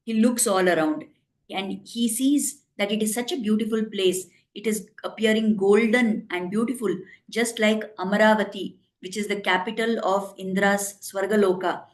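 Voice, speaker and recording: A woman tells a devotional story, explaining each step in plain words. Her voice sits at a middle pitch, and she often stops to add a note for her listeners. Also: steady tone, moderate pace. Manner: explains and retells in simple English, quoting characters.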